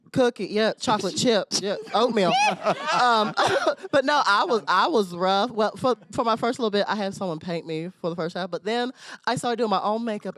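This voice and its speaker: A high-voiced man talks as a guest on a drag panel. He is bubbly and pokes fun at himself. The sound is dry and close. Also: a bit bright, no echo. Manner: bubbly, self-mocking, giggly. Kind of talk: casual chat.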